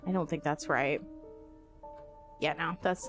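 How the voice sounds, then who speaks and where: A woman's voice: sits low, fairly even intonation, a little slow, over music. A young woman streaming a game, chatting with viewers, telling stories and thinking aloud in a giggly way. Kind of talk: casual live-stream chat.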